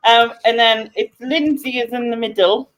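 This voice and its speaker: A woman's voice: fairly high pitch, steady tone, normal speed, crowd noise. A woman hosting a casual video-call chat, chatty and laughing often. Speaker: host of an online meet-up.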